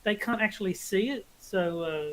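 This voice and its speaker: A man chats casually on a podcast and explains the rules of a game piece by piece. He talks in an easygoing way, often pausing with fillers and restarting his sentences before he gets to the point. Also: sits high, a bit bright, low-quality recording. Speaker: podcast co-host.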